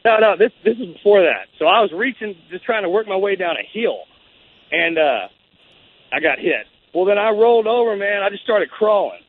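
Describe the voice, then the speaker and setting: Man guest, fairly high voice, loose rambling storyteller dropping "man" and "bro", thin phone-like audio. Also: lively intonation, moderate pace. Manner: casual, rambling, says man and bro a lot. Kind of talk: interview storytelling.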